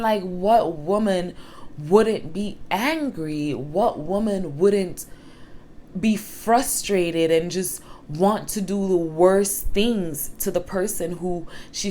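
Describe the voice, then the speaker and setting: A young single mother speaks straight to the camera, telling a personal story frankly and with strong emphasis. Her voice sits on the low side, and her casual swearing slips in naturally. A faint hum sits under the recording. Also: darkish tone.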